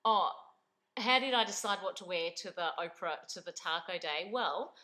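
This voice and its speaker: A woman's voice: fairly low pitch, moderate pace, bright, forceful tone, rough recording. A middle-aged Australian woman hosting a casual vlog chat, enthusiastic and chatty as she answers viewer questions. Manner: chatty, enthusiastic, laughs often. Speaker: vlog host.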